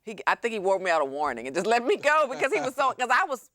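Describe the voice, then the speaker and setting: Animated woman in her fifties, bright voice. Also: on the high side, fast talker, dry recording, studio quality. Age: 50s. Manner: animated storyteller, acts out quotes. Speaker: host and lawyer. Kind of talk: casual talk show chat.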